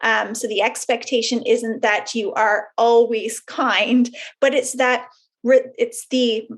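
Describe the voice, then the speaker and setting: Woman, higher voice, webinar presenter, explanatory, everyday examples. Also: flat delivery, takes it slowly.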